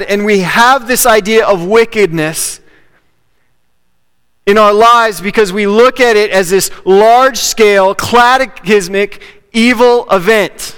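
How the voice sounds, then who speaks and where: A man's voice: sits high, a little slow, a bit bright, smooth. A man preaching a sermon as a pastor, in a conversational way that repeats key phrases for emphasis. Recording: long reverb of a large hall.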